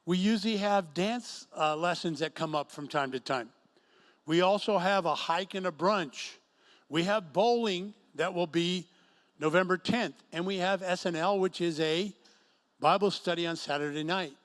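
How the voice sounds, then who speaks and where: A man's voice: high voice, moderate pace, fairly bright tone. A middle-aged man preaching a sermon to a singles group in an event room, telling stories and acting out quotes. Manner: storytelling with acted quotes. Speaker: pastor.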